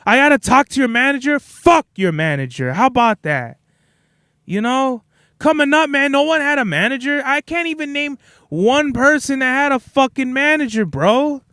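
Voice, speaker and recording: A young man hosting a podcast, telling stories in a blunt, profane, animated rant. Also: very high-pitched, normal speed, no echo, studio quality. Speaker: podcast host. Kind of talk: casual ranting monologue.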